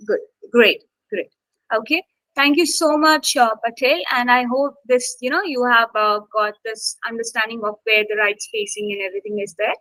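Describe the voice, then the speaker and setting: A woman's voice: fairly high pitch, normal speed, fairly bright tone, dry recording, rough recording. A woman instructor teaching an online English class, coaxing students to take part, with many fillers.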